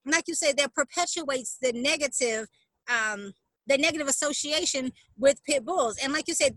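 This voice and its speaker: A woman's voice: high voice, pushed and bright, no echo, poor audio. A woman dog trainer telling a story as an interview guest, emphatic and acting out what people said. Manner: emphatic, re-enacts quotes with rising intensity.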